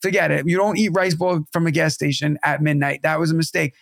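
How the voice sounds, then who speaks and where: A man in his thirties co-hosting a podcast, telling animated, profane family stories in casual chat. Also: a little high, quick pace, vocal fry, no echo, clean studio sound. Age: 30s. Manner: animated, swearing, acts out family voices. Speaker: podcast co-host.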